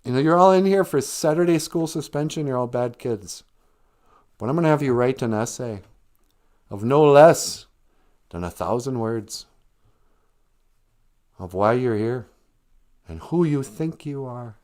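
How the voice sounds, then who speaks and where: A man's voice: mid-range voice, expressive, measured pace, long pauses, darkish tone, pitched above the performer's own voice, lightly acted. A man voicing a pompous, mean male school principal who scolds in a raised, sneering voice. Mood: scolding.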